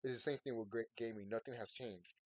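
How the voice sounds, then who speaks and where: A man talking to his viewers in a rambling late-night monologue. He sounds sleepy and yawning, and he swings from quiet, tired musing to loud ranting. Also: mid-range voice, fairly even intonation, fairly quick, no echo, clean studio sound. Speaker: vlogger.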